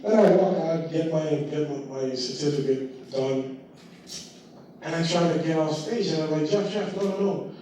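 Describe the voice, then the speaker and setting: Comedian with a light, mellow voice. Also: male voice, a little high, normal speed, slight background noise. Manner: loose storytelling, profane, acts out his own reactions. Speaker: stand-up comedian. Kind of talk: stand-up comedy set. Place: live comedy stage before an audience. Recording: distant, echoey live stage audio.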